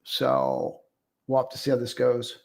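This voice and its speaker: A man's voice: mid-range voice, lively intonation, measured pace, creaky, darkish tone. A man hosting a live trading stream, talking casually and bluntly through market charts with lots of filler words. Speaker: trading show host.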